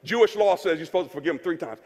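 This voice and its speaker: A man's voice: on the high side, very fast, darkish tone, pitched below the performer's own voice, close to an everyday voice. A preacher voicing an eager male disciple who fumbles and haggles to get forgiveness right. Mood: bargaining. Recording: long reverb of a large hall.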